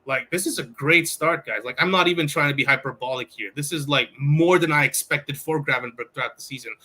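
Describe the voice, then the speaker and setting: Bright-voiced, excitable podcast co-host man. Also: on the high side, a little fast. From outside the US. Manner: excitable, rambling, many fillers. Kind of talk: casual sports chat.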